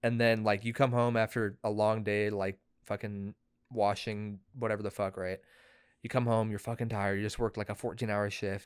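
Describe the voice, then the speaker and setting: A young man co-hosting a podcast, spinning a long profane hypothetical between fits of laughter and sudden shouts. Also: on the low side, steady tone, normal speed, smooth, no echo, studio quality. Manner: rambling, profane, laughing storyteller who shouts when interrupted. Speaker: podcast co-host. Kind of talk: casual chat.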